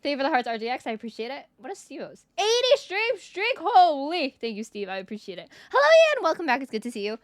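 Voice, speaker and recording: A woman's voice: sits high, big pitch swings, fast talker, hardly any pauses, dry recording, clean studio sound. A woman in her twenties chatting casually on a live stream into a desk mic, greeting viewers one by one, her voice a bit worn and giving out. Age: 20s. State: voice giving out, coughing.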